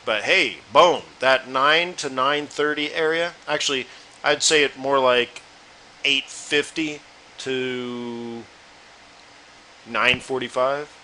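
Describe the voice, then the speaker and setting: A man's voice: mid-range voice, slow, sharp tone, a little hiss or hum, low-quality recording. A man hosting a live trading webinar, chatting loosely and talking straight to his viewers. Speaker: forex trading room host.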